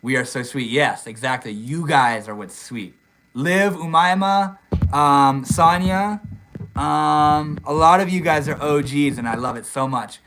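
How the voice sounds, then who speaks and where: A young man hosting a casual live stream, reading viewer comments aloud in a relaxed, swear-heavy way. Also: on the high side, measured pace, slight background noise, rough recording. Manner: laid-back, swears casually, says dude and bro a lot. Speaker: livestream host. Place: outdoors in the desert.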